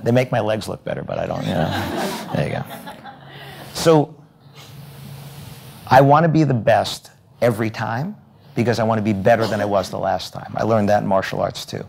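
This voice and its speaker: A man's voice: lowish voice, normal speed, creaky, pauses often, slight background noise. A middle-aged man giving a keynote talk on stage at a conference, telling stories, acting out dialogue and checking in with the audience. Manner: storytelling, acts out dialogue, asks the audience "right?". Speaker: keynote speaker. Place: hotel event room, on stage.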